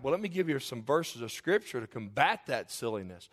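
A man's voice: medium pitch, big pitch swings, brisk, fairly bright tone, husky. A middle-aged male pastor preaching a sermon, conversational and candid, with rhetorical questions. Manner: confessional, candid storytelling.

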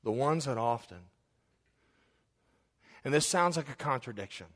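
A man preaching a sermon as pastor, praying aloud with passion and swinging between loud cries and hushed whispers. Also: medium pitch, lively intonation, unhurried. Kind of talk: sermon with spoken prayer.

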